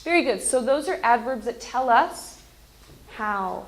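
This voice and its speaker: Teacher, woman, slow and clear, higher voice, echoey classroom with faint noise. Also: animated. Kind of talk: classroom English lesson.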